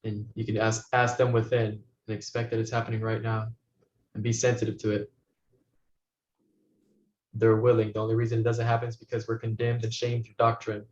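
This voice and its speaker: A man teaching as a spiritual guide, talking listeners through a meditation in soft, slow, repeated phrases that often sink to a hush. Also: on the low side, completely flat delivery. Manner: soft-spoken, slow, repetitive guidance, often dropping to a hush. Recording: roomy, dull recording with faint noise.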